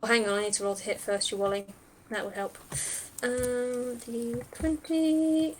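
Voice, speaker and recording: A woman's voice: mid-range voice, steady tone, moderate pace, a little hiss or hum. A woman narrating a tabletop game as game master, chatty and thinking aloud with many fillers.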